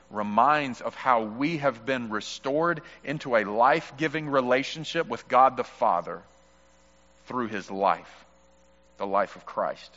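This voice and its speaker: A man's voice: medium pitch, fairly bright tone. A man preaching a sermon, earnest and explanatory, walking through a passage with small fillers. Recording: muffled with long hall reverb.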